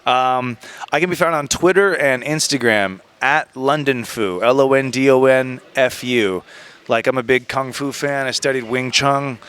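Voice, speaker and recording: Animated man with a bright voice. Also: mid-range voice, a little slow, clean tone. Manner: animated, puts on voices of others. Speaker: guest. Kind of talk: casual interview storytelling.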